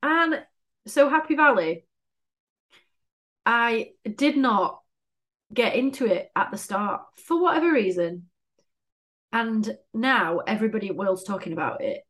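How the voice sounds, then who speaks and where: Young woman, casual podcast chat, a bit high-pitched, lively and swearing. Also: a little slow, long pauses. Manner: chatty, animated, swears and laughs often. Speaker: podcast co-host.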